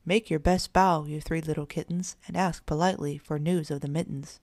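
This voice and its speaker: A woman's voice: sits low, steady tone, brisk, a little mellow, dry recording, clean studio sound. A woman voicing a jolly old bear grandfather who tells stories in rhyming sing-song speech.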